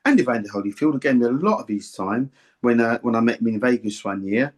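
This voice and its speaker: An older man, a former boxer, telling rambling, warm-hearted anecdotes in an interview and often repeating himself. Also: medium pitch, animated, brisk. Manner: rambling, anecdotal, repeats words and "do you see what I mean". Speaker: former boxer and boxing pundit. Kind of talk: reminiscing interview chat.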